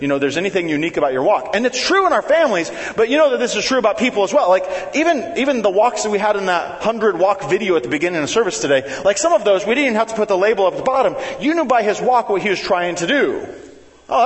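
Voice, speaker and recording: A man preaching to his church, chatty and animated, breaking into playful voices when he acts out his children. His voice sits a touch high for a man. The sound rings with the long reverb of a large sanctuary. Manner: animated, conversational, acts out family members with big pitch jumps. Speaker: pastor. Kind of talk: sermon with family stories.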